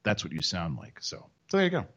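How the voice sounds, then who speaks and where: A man's voice: low voice, huge pitch swings, fast, fairly bright tone. A man co-hosting a casual sports podcast, wry and joking, often slipping into mock voices. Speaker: podcast co-host.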